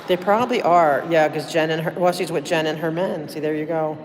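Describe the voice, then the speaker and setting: This is a livestreamer talking casually to viewers from inside a city hall, sounding worn out from a short night. The talk rambles, full of fillers and warm thanks. The pitch sits in the middle, with a faint hiss of background noise. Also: brisk. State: tired, running on little sleep. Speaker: livestreamer at a public meeting. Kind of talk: casual live chat with viewers. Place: city hall building, indoors.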